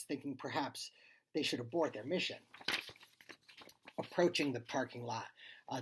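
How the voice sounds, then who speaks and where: A storyteller reads a child's spooky tale aloud with an expressive, husky voice and plays up the lines of dialogue. The pitch sits in the middle, and the delivery is lively. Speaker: reader of a child's short story.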